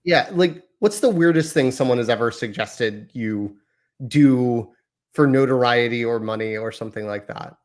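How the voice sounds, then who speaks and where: A man in his thirties hosts a casual podcast, chatting and rambling along with plenty of self-deprecation. His voice sits at a medium pitch and moves at a normal speed.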